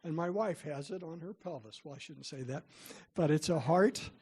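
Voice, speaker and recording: A man's voice: a little high, moderate pace, darkish tone, husky. A middle-aged man giving a parent workshop, telling chatty, self-deprecating stories to the room. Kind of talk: storytelling talk to parents.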